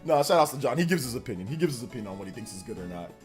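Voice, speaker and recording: A man's voice: mid-range voice, sing-song, racing, faint music behind. A man streamer chatting casually on a live reaction stream, rambling, laughing and reading donation messages aloud. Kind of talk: casual livestream reaction chat.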